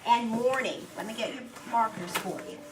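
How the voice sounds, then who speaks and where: Patient teacher woman, echoey classroom. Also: on the high side. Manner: patient, encouraging, slow and clearly enunciated. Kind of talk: guided reading lesson with young children. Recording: echoey room from a distance, background noise.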